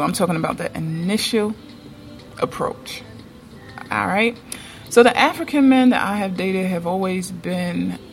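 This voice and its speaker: A woman's voice: fairly low pitch, creaky, fairly bright tone. A woman talking casually to her viewers in a vlog, chatty and emphatic, often checking in with "okay?". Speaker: vlogger.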